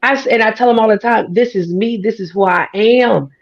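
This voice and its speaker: A woman with a down-home country twang talks as a guest, folksy and emphatic. Her voice has a gravelly edge. The audio sounds muffled and a bit lo-fi. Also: fairly high pitch, brisk. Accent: American country twang. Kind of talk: casual conversation. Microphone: studio or podcast mic.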